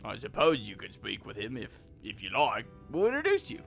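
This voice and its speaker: A man's voice: mid-range voice, fairly quick, vocal fry, soft background music, voice pushed down, full character voice. A man voicing a chatty, trolley-obsessed male miner in a game, with a put-on Cockney accent. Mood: hearty. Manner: lively, hearty storybook delivery. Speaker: streamer reading game dialogue. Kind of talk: voicing video game dialogue.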